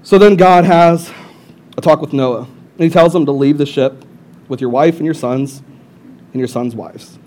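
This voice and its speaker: A young adult man giving a casual, humorous sermon as lead pastor, retelling the story with lively asides. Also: moderate pace, long pauses. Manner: animated storyteller who jumps into high-pitched voices for characters.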